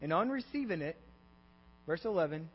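A husky, slightly high-voiced pastor preaches with animation at a moderate pace, continually checking in with "okay?" and "all right?" and questioning his congregation. The sanctuary recording is dull and echoey, and mains hum can be heard.

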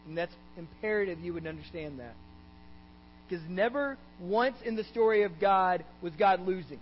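High-voiced Texan pastor preaching. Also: male voice, moderate pace. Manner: animated storytelling, voicing characters in the scripture. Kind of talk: sermon. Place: church. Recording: dull recording with mains hum.

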